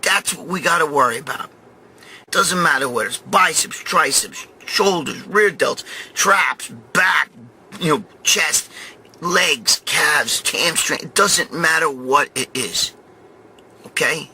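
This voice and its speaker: A middle-aged man, giving a blunt, profane gym pep talk that grows loud and excited as a bodybuilding vlog host. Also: a little high, takes it slowly, slightly rough. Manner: blunt, swearing, repeats himself, growing loud and excited. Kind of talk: profane motivational gym rant.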